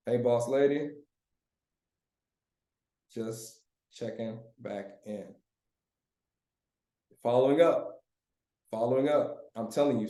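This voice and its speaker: A man leading a live online sales training, coaching his group in a lively, chatty way and often laughing. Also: mid-range voice, roomy sound.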